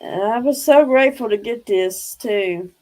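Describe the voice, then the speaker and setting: A woman's voice: on the high side, unhurried, a little mellow, low-quality recording. A woman hosting a casual livestream, chatty, laughing often and fondly scolding her pets. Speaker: livestream host.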